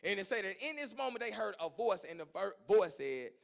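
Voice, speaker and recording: High, gravelly-voiced man preaching. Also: brisk, hardly any pauses. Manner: retells scripture as lively storytelling in casual vernacular. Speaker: pastor. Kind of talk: sermon.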